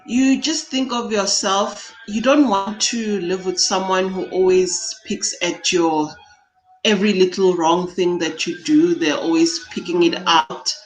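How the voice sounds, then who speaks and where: A woman's voice: on the low side, fairly even intonation, a little slow, soft background music, rough recording. A woman life coach speaking as a guest in an interview, earnest and chatty, often saying "you know". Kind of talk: interview chat.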